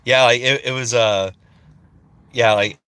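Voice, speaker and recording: A man's voice: mid-range voice, fairly even intonation, measured pace, a bit bright, smooth. A man in his thirties, a voice actor chatting casually on a livestream, rambling and swearing freely. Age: 30s. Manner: rambling, searching for words.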